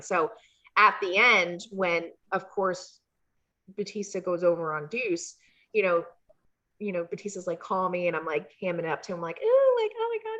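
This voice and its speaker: A woman telling animated stories as an interview guest, slipping into high voices when she acts out what people said. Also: muffled recording. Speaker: interview guest, former wrestling valet. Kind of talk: casual storytelling interview.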